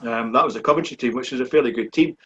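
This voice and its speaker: A man in his forties with a Scottish accent, a speedway rider answering questions in a relaxed, plain-spoken way during a live online chat. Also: medium pitch, racing, slight background noise. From Scotland. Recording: dull, muffled lo-fi stream audio.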